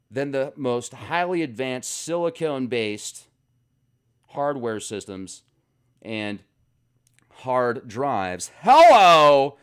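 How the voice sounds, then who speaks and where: A man's voice: mid-range voice, clean tone. A man hosting a casual commentary video, joking and rambling between topics. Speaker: video host.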